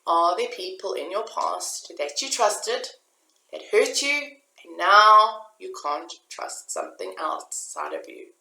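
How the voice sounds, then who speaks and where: Earnest bright-voiced woman in an echoey room. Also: mid-range voice. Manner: earnest and confessional, speaks directly to the listener. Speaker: self-help vlogger. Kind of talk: personal motivational talk to camera.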